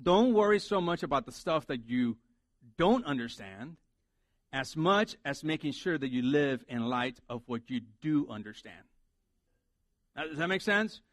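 A man's voice: fairly high pitch, expressive, unhurried, dry recording. A man preaching a sermon as a pastor, talking conversationally and animatedly and acting out the lines he quotes.

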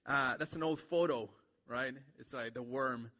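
A man's voice: medium pitch, a little slow, sharp tone, in a large hall. A man preaching a sermon to a church congregation in a casual, joking way, with many fillers. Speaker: pastor.

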